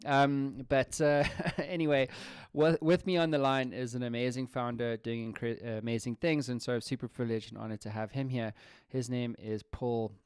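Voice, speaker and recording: Guy hosting a podcast, smooth clear voice, super chatty n slangy, laughs a lot. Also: mid-range voice, little pitch movement, normal speed, few pauses, darkish tone, no room sound, clean studio sound. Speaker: podcast host. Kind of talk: casual podcast interview.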